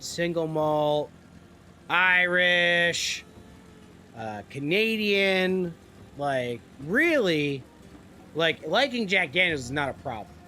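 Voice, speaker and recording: A man's voice: on the high side, pushed and bright, a little hiss or hum. A young man streaming a game live, rambling and joking in casual chat and swearing freely. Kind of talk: casual gaming livestream chat.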